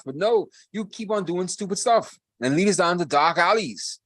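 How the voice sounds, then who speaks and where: A man's voice: high-pitched, expressive, moderate pace, a bit bright, dry recording. A man co-hosting a podcast, ranting emphatically and repeating himself in casual political talk. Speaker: podcast co-host.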